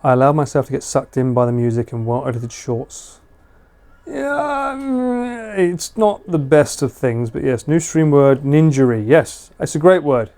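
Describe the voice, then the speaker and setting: A man's voice: mid-range voice, normal speed, few pauses, mellow. A man casually chatting with viewers during a live stream, joking and laughing often. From United Kingdom. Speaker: livestreamer. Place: house.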